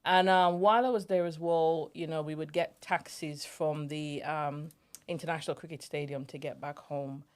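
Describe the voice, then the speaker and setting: A woman, hosting a podcast and telling personal stories in an animated way, laughing often. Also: low-pitched, normal speed, clear, resonant tone. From Jamaica. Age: 40s. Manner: animated storyteller, laughs easily. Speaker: podcast host. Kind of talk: casual storytelling chat.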